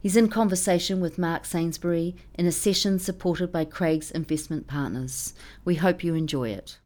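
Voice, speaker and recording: Lower-voiced New woman introducing. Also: a little mellow. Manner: measured, formal. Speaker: festival director. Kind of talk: scripted podcast introduction.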